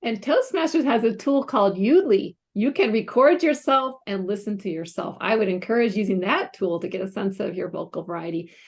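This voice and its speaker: A woman's voice: mid-range voice, brisk, few pauses, husky. A woman co-hosting an online meeting, reading out audience questions helpfully over a video call.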